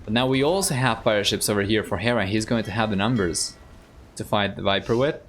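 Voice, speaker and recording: This streamer from Argentina, a native Spanish speaker with an Argentine accent, has a lowish, fairly bright voice and talks fairly quickly over a faint hiss or hum. He provides relaxed live commentary on a strategy game, musing aloud and chatting with viewers.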